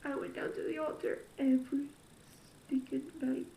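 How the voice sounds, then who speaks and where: A woman's voice: sits high, flat delivery, normal speed, gravelly, dark tone. A young woman telling a personal story in a confessional vlog, emotional and tearful, voice catching as she cries. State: crying. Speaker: vlogger. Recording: echoey room with faint noise.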